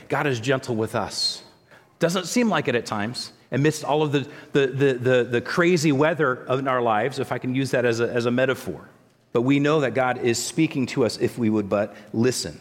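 A man's voice: mid-range voice, normal speed. Male preacher in an echoing hall. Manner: conversational, with frequent restarts and asides. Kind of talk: sermon. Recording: long echo of a large hall.

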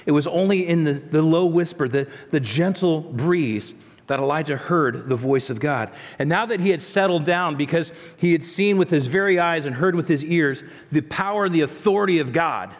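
A man's voice: on the high side, normal speed. Male preacher in an echoing hall. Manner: conversational, with frequent restarts and asides. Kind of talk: sermon. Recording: long echo of a large hall.

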